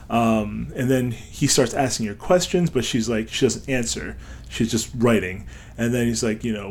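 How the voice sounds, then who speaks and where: A man's voice: medium pitch, moderate pace, a little mellow. A man co-hosting a podcast, rambling through a story and acting out the lines of the people in it, often laughing. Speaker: podcast co-host. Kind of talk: casual chat, retelling a story with put-on voices.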